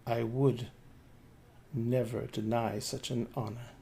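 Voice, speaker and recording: A man's voice: mid-range voice, slow, pitched below the performer's own voice. A man doing a cold, uncanny young lady. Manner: cold, flat, formal. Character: cold, strange-voiced young noblewoman.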